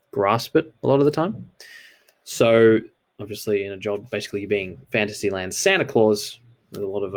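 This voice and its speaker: A man reading a novel aloud at a home charity livestream, relaxed and easygoing, with fillers between passages, picked up by a webcam or phone mic. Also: fairly low pitch.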